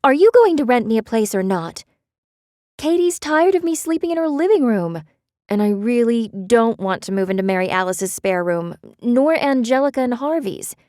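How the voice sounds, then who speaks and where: A woman's voice: sing-song, a little slow, a little mellow, dry recording, studio quality. A woman voicing a desperate, impulsive young woman in an audiobook, urgent and emphatic. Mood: exasperated. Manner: rising pitch, urgent and emphatic. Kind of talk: audiobook character reading.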